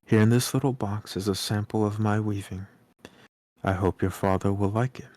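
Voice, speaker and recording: A man's voice: on the low side, fairly even intonation, normal speed, darkish tone, no room sound, close to an everyday voice. A man voicing a sweet, gracious little female mouse princess while reading a storybook aloud. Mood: gentle.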